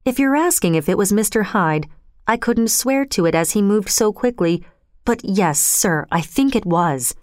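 Earnest worried male butler, voiced by a woman, smooth clear voice, dry sound. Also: mid-range voice, expressive, moderate pace, darkish tone, no echo, lightly acted. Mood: urgent. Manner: earnest, pleading. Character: loyal middle-aged male butler, anxious.

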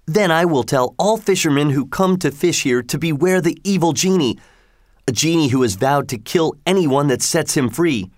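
A man doing a stern high-voiced old-tale fisherman. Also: lively intonation, moderate pace, no room sound, studio quality, lightly acted. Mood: gloating. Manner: stern, declaiming. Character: boastful, triumphant poor male fisherman.

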